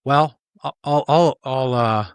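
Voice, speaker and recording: A man's voice: medium pitch, slow pace, smooth, no room sound. Middle-aged man, a coach telling a story over a dry mic. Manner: repeats words while telling a personal story, often voicing the people in it. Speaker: executive coach, guest. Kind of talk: conversational interview storytelling.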